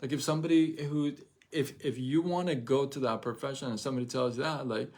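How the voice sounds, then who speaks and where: A man hosting a casual motivational livestream, animated and rambling, repeating himself and acting out what people say. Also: medium pitch, a little fast. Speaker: live show host.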